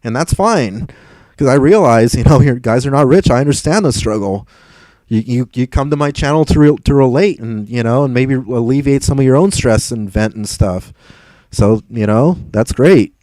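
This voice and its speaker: A man's voice: medium pitch, normal speed, dark tone, no echo, rough recording. A young man hosting a casual livestream, reading viewer comments aloud in a rambling, exasperated way, swearing and laughing often. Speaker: livestream host reading chat.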